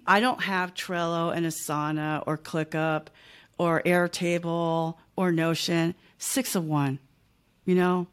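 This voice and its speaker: Woman, 50s, small business owner, casual podcast guest, chatty and emphatic, mid-range pitch. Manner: chatty, emphatic, peppers talk with "like", "right?" and "okay?".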